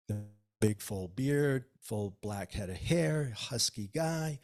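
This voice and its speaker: A man, an author guest, telling a personal story in an interview with lively, acted-out dialogue. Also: medium pitch, takes it slowly. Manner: animated storyteller, acts out dialogue.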